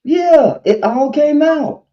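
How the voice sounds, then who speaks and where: A man's voice: very high-pitched, expressive, slow pace. A man hosting a livestream, giving blunt, emphatic opinions in casual chat with a mocking edge. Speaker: stream host. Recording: muffled lo-fi stream audio.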